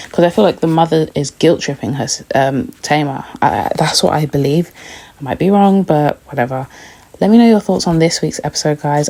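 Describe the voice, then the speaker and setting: A woman's voice: deep voice, warm tone. A woman hosting a casual TV recap vlog, blunt and opinionated, swearing freely. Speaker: TV recap host. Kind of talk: casual reaction review.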